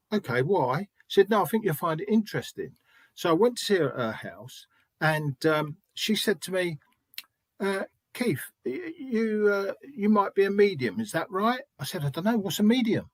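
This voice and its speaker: A man's voice: fairly high pitch, no echo. A middle-aged man and spiritualist medium telling stories in an interview, chatty, restarting often and acting out quoted dialogue. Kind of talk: anecdotal interview storytelling.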